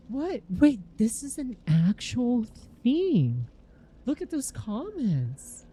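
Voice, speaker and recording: A woman's voice: on the high side, wildly swooping pitch, slow pace, mellow, slightly rough. A young woman streaming and chatting casually, reacting with giggly disbelief. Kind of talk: casual chat.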